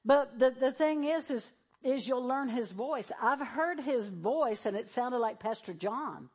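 A woman's voice: high-pitched, lively intonation, a little slow, darkish tone, slightly rough. A middle-aged woman pastor preaching a sermon in a conversational way, acting out the voices she quotes.

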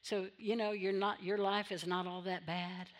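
A woman's voice: mid-range voice, little pitch movement, moderate pace. A woman pastor preaching a sermon in church, repeating phrases for emphasis and drawing amens from the congregation.

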